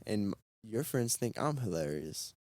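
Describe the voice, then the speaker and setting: A man's voice: on the low side, sing-song, normal speed, a crowd in the background. A man, co-hosting a podcast in a joking late-night chat, swearing casually. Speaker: podcast co-host.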